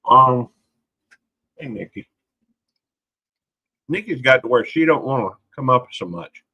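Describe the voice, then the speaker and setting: A man's voice: mid-range voice, animated, measured pace, husky, muffled recording. A man hosting a casual late-night livestream, rambling in a folksy way and greeting viewers by name. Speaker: livestream host.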